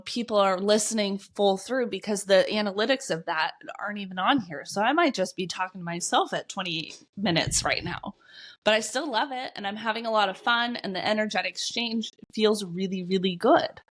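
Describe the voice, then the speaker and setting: A woman hosting a solo podcast as a business coach, energetic and blunt, swearing casually, coughing as she gets over a cold. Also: mid-range voice.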